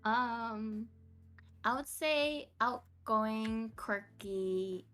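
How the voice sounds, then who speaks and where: Brief: young American woman as a podcast guest, unhurried and giggly, self-mocking. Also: fairly high pitch, a bit bright, soft background music. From United States. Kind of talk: casual interview chat.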